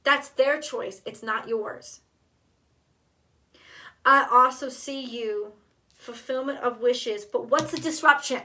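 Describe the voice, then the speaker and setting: A woman's voice: high voice, slow, long pauses, sharp tone, recorded from a distance. A woman doing a tarot card reading, talking straight to the viewer, emotional and blunt, swearing freely. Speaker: tarot reader.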